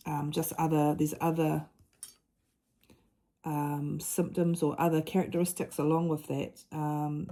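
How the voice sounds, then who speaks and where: A middle-aged woman talking through a personal story in a casual chat, earnest and halting, often restarting her sentences. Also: low-pitched, dark tone. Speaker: mother and diamond-painting vlogger.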